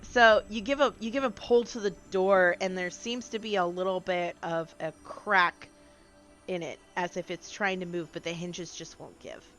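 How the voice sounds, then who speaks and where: A woman's voice: lowish voice, steady tone, moderate pace, a bit bright, soft background music. A woman narrating as game master in a tabletop game, hesitant and laughing often.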